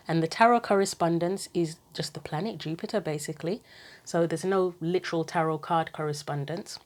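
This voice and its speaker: A woman with a lowish voice giving a casual tarot reading. She muses aloud in chatty asides and reads card guidance aloud from a book. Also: steady tone, brisk. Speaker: tarot reader.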